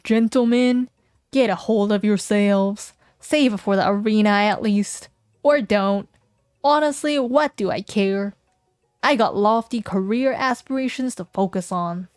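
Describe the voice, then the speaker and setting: A woman voicing an aloof, ambitious young woman who speaks in a slow, dismissive drawl. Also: medium pitch, a little mellow, smooth, no room sound, clean studio sound, faint music behind, close to an everyday voice.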